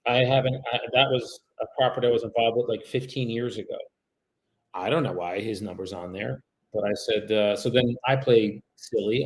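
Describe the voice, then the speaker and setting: A real estate agent with a mid-range voice cold calls on a livestream at a moderate pace, chatting casually with viewers between calls and turning polite and friendly on the phone. He often trails off and restarts sentences, and the recording is rough.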